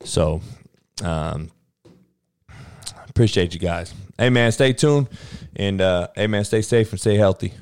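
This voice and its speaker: Deep-voiced brash, profane man. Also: measured pace, pauses often, a little mellow, smooth, no room sound, clean studio sound. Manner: profane, brash, rambling, says "man" constantly. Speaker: podcast host. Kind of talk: casual solo podcast rant.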